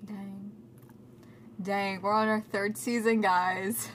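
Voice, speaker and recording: A woman's voice: mid-range voice, level tone, slow pace, a little hiss or hum. A young woman co-hosting a podcast in casual chat, rambling and self-deprecating. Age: young adult. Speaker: podcast co-host.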